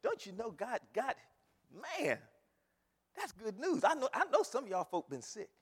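A man preaching a sermon, repeating phrases and rising to shouts. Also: extremely high pitch, wildly swooping pitch, moderate pace, husky. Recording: long hall reverb.

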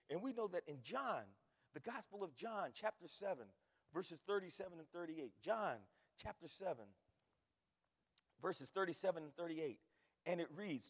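A male pastor preaches in a high, animated voice, dropping low and quiet and then rising to shouts. His words ring out with the long reverb of a big hall. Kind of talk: sermon.

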